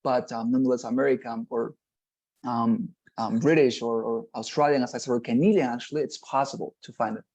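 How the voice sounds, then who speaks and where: A man's voice: mid-range voice, steady tone, a little fast, darkish tone, muffled recording. A man teaching an online exam-prep class over a video call, explaining at length and checking in with the students. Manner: explanatory, repeats "nonetheless" and "right?".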